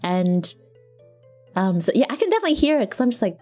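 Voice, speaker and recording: A young woman with an Australian accent rambles casually through a live stream chat. She laughs often and restarts her sentences, and soft music plays behind her. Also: medium pitch, very animated, fast. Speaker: vtuber streamer.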